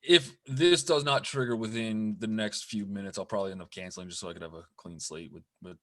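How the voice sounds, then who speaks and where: A man, a day trader, talking in an easygoing, halting way and often repeating his words. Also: on the low side, a bit bright. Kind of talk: casual chat.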